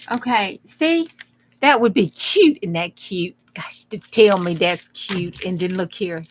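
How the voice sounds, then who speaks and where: A crafting livestream host rambles folksily to her viewers' chat as she works on her project. She speaks slowly in a fairly low voice. A little hiss or hum sits in the audio.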